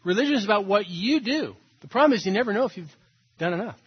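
A man's voice: sits high, expressive, fast talker, husky, lo-fi sound. A man preaching a sermon as pastor, acting out the voices of others and rising to emphatic peaks.

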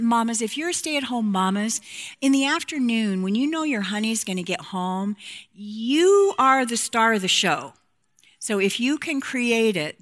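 A woman's voice: mid-range voice, a bit bright. A woman speaking frankly to a women's group about marriage and intimacy, playful and direct, acting out quotes from couples.

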